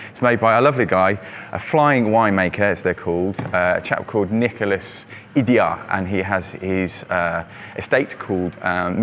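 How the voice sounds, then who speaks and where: A man's voice: lowish voice, lo-fi sound, slight background noise. A man hosting a monthly wine selection, chatting casually with many ums and fillers. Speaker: wine shop host presenting monthly selection. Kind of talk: casual product talk. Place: shop with traffic outside.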